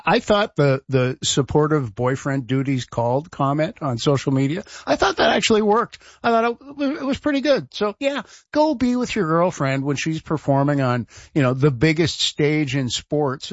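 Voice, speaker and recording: A man's voice: on the high side, dry recording, lo-fi sound. Chatty male radio co-host, dry sound. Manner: chatty, laughing, ranting playfully. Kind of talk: casual talk radio banter.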